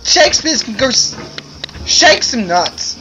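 This gamer's very high voice swings widely in pitch at an unhurried pace while music plays underneath. He exclaims and pleads with the game in exasperation during his commentary, recorded through a dull lo-fi mic with loud noise and clicks.

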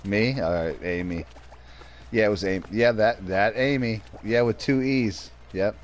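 A man's voice: lowish voice, unhurried, slight background noise. A man streaming a game, chatting casually with viewers and his pet. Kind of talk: casual livestream chat.

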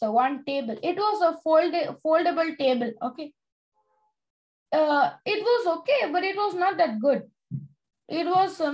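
A woman's voice: extremely high pitch, rough recording. A young girl from India leading a children's Bible study, telling a personal story earnestly with many fillers and "okay?" checks. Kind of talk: sermon-like testimony.

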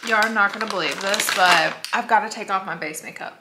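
Getting ready at her home mirror, a beauty vlogger in her thirties talks fairly quickly to the camera in a medium-pitched voice. Her candid, casual makeup chat is packed with "like," and the recording is very noisy.

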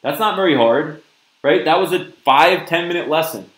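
A man's voice: a little high, animated, moderate pace, fairly bright tone, roomy sound, poor audio. Upbeat man teaching a test prep lesson. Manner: upbeat, checks in with "okay?" and "right?". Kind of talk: live-streamed lesson. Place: virtual classroom stream.

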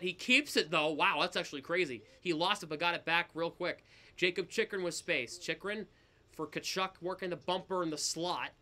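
Bright excitable young male hockey commentator. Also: high-pitched. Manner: rapid excited play-by-play, ranting and laughing. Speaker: play-by-play commentator. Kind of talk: live hockey stream commentary.

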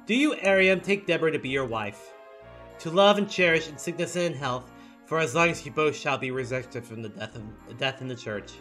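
A man's voice: a little high, pushed and bright. A man voicing a solemn wedding priest in a game read-along, formal and intoning.

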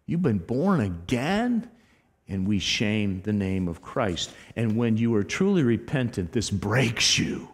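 A man preaching a sermon as pastor, emphatic, moving between loud exhortation and hushed earnestness. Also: lowish voice, lively intonation, a little slow, creaky, hardly any pauses, long reverb tail. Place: church sanctuary.

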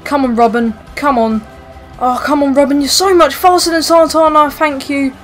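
A young woman giving excitable gameplay commentary, swearing, pleading and shouting at the match as it unfolds. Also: high voice, moderate pace, soft background music. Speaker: gaming YouTuber.

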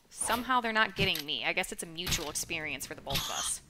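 A woman's voice: fairly low pitch, lively intonation, quick pace, hardly any pauses, background noise. A woman giving casual gameplay commentary, swearing often, exasperated, often dropping into a whisper. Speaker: gameplay streamer.

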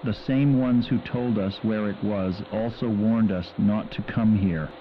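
An actor voicing a male investigator who reads his diary entries in a flat, emotionless way, in dubbed video game dialogue. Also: lowish voice, measured pace, natural voice. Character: male investigator, flat and sleepy-sounding diarist. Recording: muffled game audio with faint hiss.

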